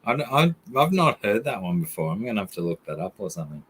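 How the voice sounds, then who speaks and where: A man's voice: lowish voice, big pitch swings, quick pace, a bit bright, a little hiss or hum. A man chatting casually and joking about himself between songs, with guitar music behind him. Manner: joking, self-deprecating, rambling. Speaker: guest singer.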